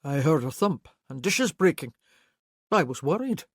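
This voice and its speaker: A narrator voicing a remorseful older Highland man who pleads earnestly in a historical romance audiobook. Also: sing-song, unhurried, dry recording, studio quality. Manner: earnest, pleading, guilt-ridden. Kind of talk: audiobook character voice.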